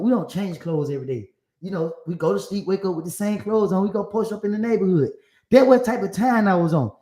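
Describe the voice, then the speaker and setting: A man telling a story to an audience in animated, casual vernacular, often repeating himself. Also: high voice. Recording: roomy echo.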